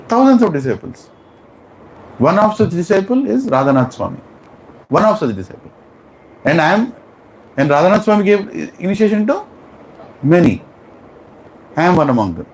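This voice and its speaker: Speaking with an Indian English accent and a voice on the high side, this man lectures a spiritual class through lively storytelling, playing out characters and quizzing the students. The audio is poor, with slight background noise.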